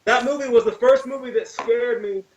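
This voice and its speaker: A man's voice: very high-pitched, moderate pace, a little hiss or hum. A man talking about a childhood horror memory in casual chat, swearing as he goes. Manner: profane, earnest storytelling. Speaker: guest musician. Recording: roomy call audio from far off.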